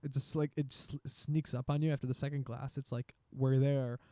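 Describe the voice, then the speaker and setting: A man's voice: mid-range voice, little pitch movement, moderate pace, mellow, no echo. A young man co-hosting a podcast, chatting casually, rambling and swearing as he drifts into tangents. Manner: rambling, profane, goes off on tangents. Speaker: podcast co-host. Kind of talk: casual chat.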